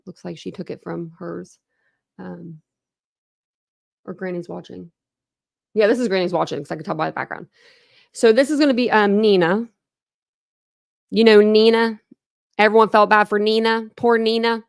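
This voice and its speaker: A woman with a Southern twang, from Ohio, hosting a true crime livestream. She rambles casually through her thoughts with plenty of fillers and side comments, her voice slightly gravelly. The sound is dry and close. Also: mid-range voice, fairly even intonation, no room sound. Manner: rambling and chatty, many fillers and quick asides. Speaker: true crime channel host.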